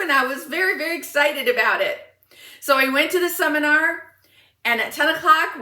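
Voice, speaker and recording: A woman with a high voice, speaking as a motivational speaker, shares a personal story with animation and enthusiasm. She's recorded from a distance in an echoey room.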